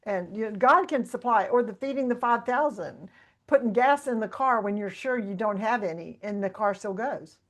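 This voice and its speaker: A woman's voice: on the high side, moderate pace. A woman hosting a podcast, affirming her guest in an encouraging way. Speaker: podcast host. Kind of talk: casual interview hosting.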